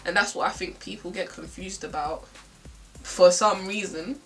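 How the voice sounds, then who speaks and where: A woman's voice: medium pitch, moderate pace, fairly bright tone, far from the mic, soft background music, poor audio. Chatty young South London woman. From South London, England. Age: young adult. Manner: chatty, ranting, slangy, lots of "like" and restarts. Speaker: beauty vlogger. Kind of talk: casual get-ready-with-me chat.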